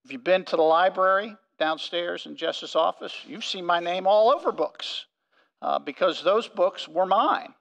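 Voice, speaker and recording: A male pastor preaching a sermon, earnest and emphatic, slowing down to stress key phrases. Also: sits high, expressive, gravelly, a bit bright, long reverb tail, poor audio. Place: church sanctuary.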